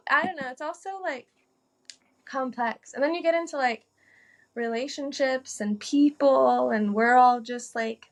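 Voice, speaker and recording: Woman, fairly high voice, podcast guest, reflective, chatty, filler "like". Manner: reflective, uses "like" a lot, laughs easily. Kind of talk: casual conversation.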